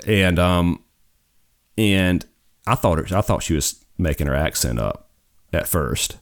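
Podcast host, man, deep voice, loose rambling delivery. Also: animated, unhurried, gravelly. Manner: rambling, self-correcting storyteller. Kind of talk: casual podcast chat.

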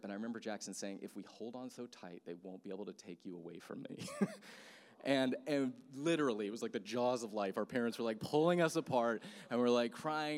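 A man's voice: lowish voice, clear, resonant tone. Chatty man preaching in a reverberant hall. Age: 30s. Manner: conversational, animated, many fillers. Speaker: pastor. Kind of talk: sermon storytelling.

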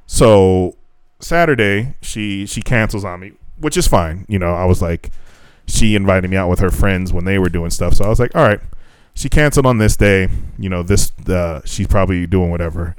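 In a dry recording, a young male podcast co-host with a deep, smooth voice speaks at normal speed with hardly any pauses. He casually recounts a dating story, cursing liberally and quoting the conversation as he performs it.

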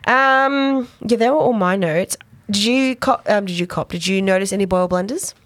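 A chatty, giggly woman recapping a TV episode with her co-host in a relaxed podcast chat. Her voice sits at an ordinary middle pitch for a woman, recorded close on a podcast mic in a dry, deadened room. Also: normal speed, no echo. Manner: chatty, giggly, with frequent fillers.

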